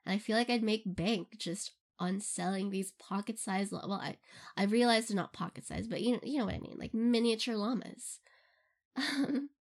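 A young audio role-play creator with a mid-range voice goes through fan questions at a moderate pace. The Q&A is casual and meandering, with frequent giggles and lots of fillers.

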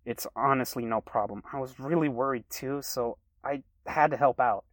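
A man's voice: normal speed, dry recording, natural voice. A man voicing a confident, easygoing young woman fan in a read-aloud story. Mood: friendly. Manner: friendly, easygoing, raised pitch.

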